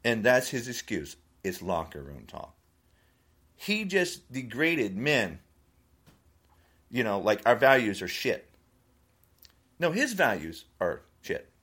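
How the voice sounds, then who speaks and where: A man's voice: mid-range voice, huge pitch swings, slow pace, long pauses, a bit bright, breathy edge. A man giving an indignant opinion monologue, laughing between his points.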